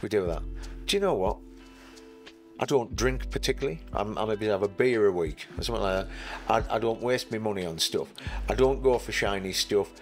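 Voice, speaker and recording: Chatty man, lowish voice. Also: brisk, soft background music. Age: middle-aged. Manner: chatty, self-mocking, animated. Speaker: interview guest. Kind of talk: casual storytelling.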